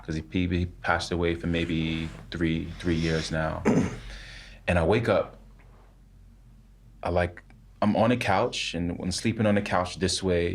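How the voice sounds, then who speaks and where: Low-voiced man telling a halting story. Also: gravelly, breathy edge. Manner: halting, full of "like" and repeated words. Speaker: podcast guest. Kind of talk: casual storytelling.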